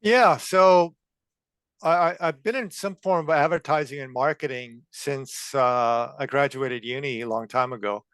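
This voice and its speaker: A man in his fifties from California, a copywriter answering interview questions in a measured way. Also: medium pitch, a bit bright, smooth, no room sound. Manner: measured, with frequent uh fillers. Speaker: guest, copywriter.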